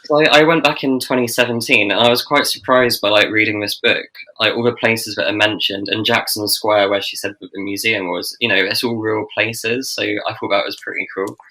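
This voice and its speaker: Low, bright-toned man chatting easily. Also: brisk, hardly any pauses, poor audio. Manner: relaxed, agreeable, short remarks. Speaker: podcast co-host. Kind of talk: casual book-recap chat.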